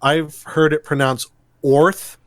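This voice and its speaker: A man's voice: medium pitch, measured pace. A man co-hosts a podcast in easy, casual chat. His talk rambles and restarts, with a mid-range voice. The sound is dry and close, with no room echo. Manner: rambling, restarts often, laughs easily. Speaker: podcast co-host. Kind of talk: casual chat about tabletop games.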